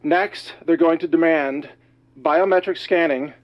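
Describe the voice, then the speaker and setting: Male commentator, high-ish voice, winded, urgent rapid-fire delivery, muffled lo-fi recording. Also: steady tone. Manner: rapid, alarmed, emphatic delivery. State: out of breath. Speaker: news commentator. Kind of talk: urgent news monologue.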